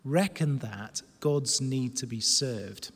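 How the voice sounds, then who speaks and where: A man preaching a sermon in a church hall, animated and emphatic, moving from loud emphasis to hushed stress. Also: mid-range voice, takes it slowly, slightly rough. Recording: long reverb of a large hall.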